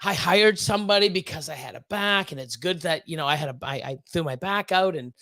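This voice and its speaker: A man hosts a casual livestream in a high, light voice. He rambles and swears, piling up fillers and repeated words. The sound is dry and close, with no room around him. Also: a little fast, sharp tone, no room sound. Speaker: livestream host.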